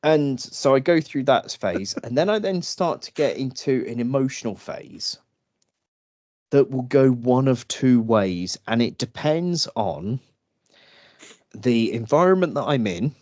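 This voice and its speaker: A man co-hosting a casual podcast, telling stories slowly and laughing often. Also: mid-range voice, animated, a little mellow, no room sound. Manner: slow, laughing storytelling with acted drunk voices. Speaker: podcast co-host. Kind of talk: casual chat.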